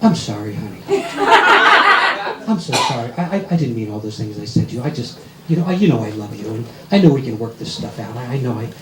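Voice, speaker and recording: Comedian puts on a nagging, furious wife whose voice leaps all over the place, in an echoey club. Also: male voice, medium pitch, animated, fast talker, very noisy, voice pushed down, natural voice. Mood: tearful apologetic. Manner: shrieking insults, then whimpering apologies. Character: furious nagging middle-aged wife on an answering machine. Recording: echoey club with loud audience laughter.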